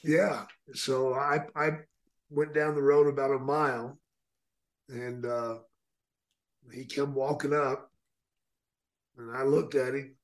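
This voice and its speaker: A man with a relaxed drawl tells stories in a casual interview, chuckling as he goes. His voice sits at an ordinary pitch for a man, easy and unhurried. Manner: laid-back, drawling, laughs while telling stories. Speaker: guest, retired wrestler.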